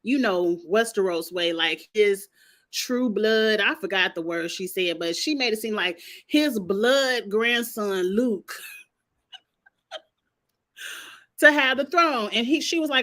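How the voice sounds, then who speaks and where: A woman's voice: medium pitch, slow pace. A woman hosting a casual TV recap, telling the story with sass and playful cursing. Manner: sassy, animated retelling with playful cursing. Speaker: show recap host.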